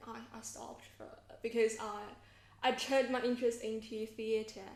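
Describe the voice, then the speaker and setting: A young woman with a light British-Australian tinge to her accent, chatting as a podcast guest, halting with fillers and restarts. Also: a little high, level tone, a little mellow, roomy sound. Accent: mixed British and Australian tinge. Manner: hesitant, many fillers and restarts. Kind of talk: casual podcast interview.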